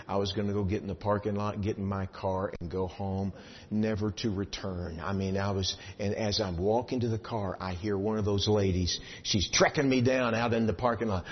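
A man preaching a sermon, telling a personal story with lively swings between loud excitement and hushed asides. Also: on the low side, normal speed, husky. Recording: dull sound in a large reverberant hall.

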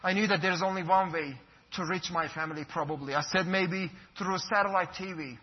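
A man's voice: high-pitched, fairly even intonation, a little fast. A man from Iran, a pastor giving an earnest, fervent personal testimony. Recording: dull lo-fi recording.

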